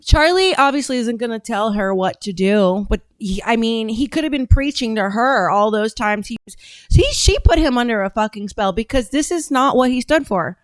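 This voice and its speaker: A woman's voice: a little high, lively intonation, normal speed, no room sound. A woman hosting a casual political commentary podcast, talking bluntly and rambling, with frequent restarts. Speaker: podcast host and political candidate.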